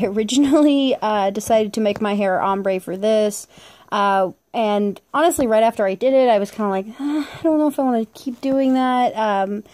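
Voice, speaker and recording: A woman's voice: mid-range voice, darkish tone, dry recording. A young woman chatting casually and upbeat as she narrates her own art video, laughing often. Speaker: vlog host, artist. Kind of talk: casual voice-over commentary.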